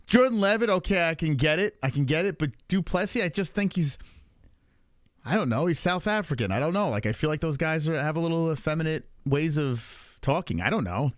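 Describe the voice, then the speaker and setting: A young man hosting a casual livestream, talking in an animated, profane way and laughing often. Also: a little high, fairly quick, dry recording, studio quality. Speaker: livestream host.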